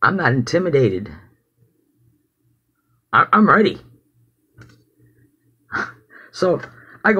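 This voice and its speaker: Man, husky, higher pitch, animated delivery, rambling, swears a lot, casual testimony. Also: unhurried, long pauses. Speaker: activist giving testimony. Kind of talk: casual personal storytelling.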